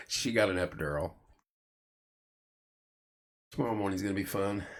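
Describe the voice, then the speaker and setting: A middle-aged man hosting a casual late-night chat show, telling stories and acting out the voices of people he quotes. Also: on the low side. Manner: animated storyteller, acts out quoted voices. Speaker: host.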